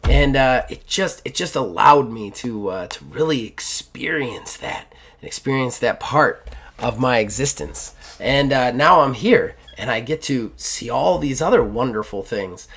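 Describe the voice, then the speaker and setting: A curious, cheerful baker woman who adores tea, gushing in a mid-pitched, rambling way, as a man plays her in his own voice at the game table. She wanders through her thoughts with fillers and restarts. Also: lively intonation, measured pace, a bit bright, husky, heavily acted. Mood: enthusiastic. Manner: enthusiastic, rambling, full of fillers.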